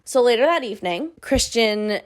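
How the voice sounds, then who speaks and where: A woman's voice: fairly high pitch, animated, normal speed. A woman hosting a book club, giving a casual, sarcastic recap of a novel with dry asides. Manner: sarcastic, dry asides, swings into mock character voices.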